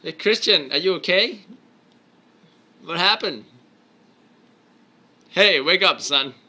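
A man's voice: high voice, lively intonation, slow, pushed and bright. A man filming his young son at home, asking playful, teasing questions in casual chat.

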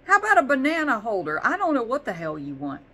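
A woman's voice: on the high side, wildly swooping pitch, fast, sharp tone, heavily acted. A woman voicing a baffled shopping-site algorithm, exasperated and swearing, in a casual vlog.

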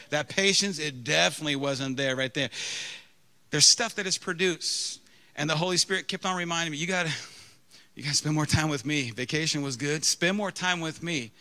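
A male pastor in his thirties preaching through a funny personal story. His voice is bright and sits a little high, and he tells the story with animated, self-mocking humor. It feels like storytelling from a church pulpit. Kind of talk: storytelling sermon.

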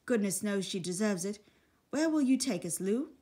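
A woman voicing an earnest older schoolboy who leads his siblings, in a storybook reading with a husky voice. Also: medium pitch, expressive, normal speed, warm tone.

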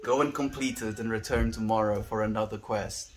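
A man's voice: fairly low pitch, fairly even intonation, fairly quick, slight background noise. A young South African man on a daily livestream, musing earnestly and reading chat messages aloud.

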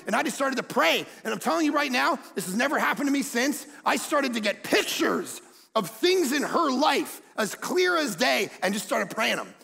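A man's voice: very high voice, normal speed, creaky. A middle-aged male pastor preaching a sermon, telling stories and acting out the people in them, building to emphatic peaks. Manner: animated, acts out quotes, builds to emphatic peaks. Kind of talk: sermon with storytelling. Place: church stage.

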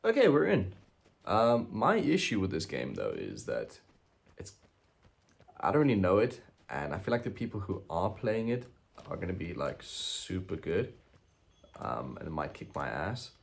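Young male gaming host, casual cussing commentary; low, gravelly voice with a lively, swinging pitch. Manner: chatty, swears a lot, lots of ums.

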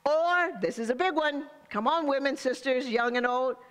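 A woman's voice: high-pitched, moderate pace, a bit bright, long reverb tail. An older woman pastor preaching a sermon, speaking straight to the congregation with call-and-response asides.

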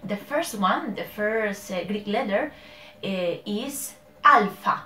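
Slow, echoey Spanish-accented woman. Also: medium pitch, animated, sharp tone. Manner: self-correcting, laughs at herself, keeps checking with "okay?". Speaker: language learner and host. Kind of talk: casual language-learning vlog. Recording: roomy echo with faint music.

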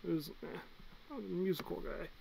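A young man with a slightly high voice ranks movies in an easygoing vlog. He talks bluntly and excitably, jumping from loud bursts to low mutters. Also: fast, gravelly, breathy edge, rough recording. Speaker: movie reviewer. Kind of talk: casual movie ranking vlog.

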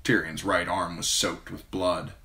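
A man narrates a fantasy audiobook in a steady, even manner. His voice is low-pitched yet bright and forward. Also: unhurried. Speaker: amateur audiobook reader.

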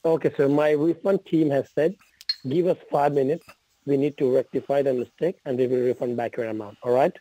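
Husky, polite man repeating "sir". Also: medium pitch, steady tone, fairly quick, dark tone, no room sound, low-quality recording. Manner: polite, repetitive, keeps saying sir. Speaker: phone scammer. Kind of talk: scripted tech-support phone call.

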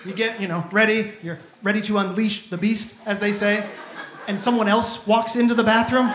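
A man doing a stand-up comedy set on stage, telling stories in an animated, exasperated way into a handheld mic. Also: sits high, moderate pace, background noise. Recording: echoey venue with loud audience ambience. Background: audience laughter.

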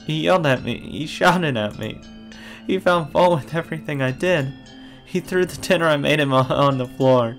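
Guy doing a high teary little girl voice, kinda shaky and pleading. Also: normal speed, soft background music, natural voice. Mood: hurt, tearful. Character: upset young girl, tearful and wronged.

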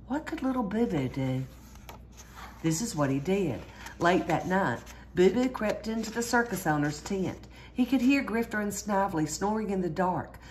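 A woman reading a children's storybook aloud in a lively way, jumping higher for the characters' cries. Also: a little hiss or hum. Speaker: storyteller reading a picture book.

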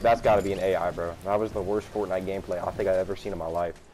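A young man giving slangy, excitable gameplay commentary, trash-talking opponents as he plays. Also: low voice, rapid-fire. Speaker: gaming YouTuber. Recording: noisy game audio behind. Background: game sounds.

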